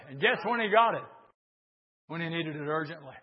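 A man preaching a sermon, building into shouted, hoarse bursts. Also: a little high, expressive, normal speed. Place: church with congregation. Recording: lo-fi recording in an echoey church.

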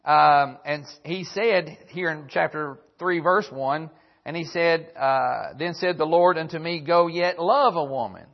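A man's voice: fairly high pitch, unhurried, muffled recording. A man preaching a sermon, reading old-fashioned scripture verses aloud and circling back to repeat key phrases. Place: church broadcast on radio.

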